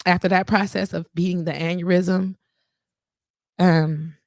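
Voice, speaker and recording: A woman's voice: on the low side, little pitch movement, unhurried, a little mellow, no room sound, clean studio sound. A woman guest in a casual interview, telling her story with animation and acting out what people said.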